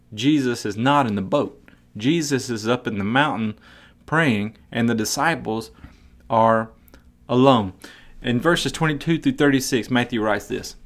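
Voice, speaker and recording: A man preaching a sermon, retelling a scripture story in an earnest way, often repeating and restarting his words. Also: mid-range voice. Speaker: pastor.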